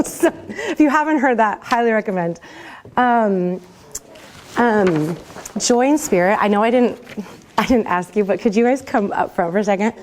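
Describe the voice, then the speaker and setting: A woman's voice: medium pitch, a little mellow, a little hiss or hum. Chatty woman teaching a singing class. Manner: chatty and upbeat, with many fillers like "um" and "like". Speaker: worship pastor teaching a vocal master class. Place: class room with a group.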